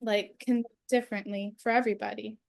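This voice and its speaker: A woman's voice: medium pitch, level tone, quick pace, creaky, darkish tone, dry recording, studio quality. A woman chatting casually on a live stream while painting, easygoing and using lots of "like". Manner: easygoing, frequent "like" fillers.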